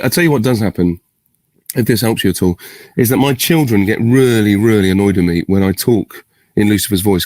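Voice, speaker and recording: A middle-aged man with a lowish, darkish voice answers fan questions in a casual video-call Q&A. He thinks aloud, rambling and interrupting himself in good humour, and there is no echo.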